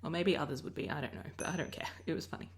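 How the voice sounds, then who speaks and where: This Australian Minecraft let's player has a deep voice and talks very fast. Commenting casually over her recorded gameplay, she rambles chattily and keeps breaking off in the middle of what she's saying.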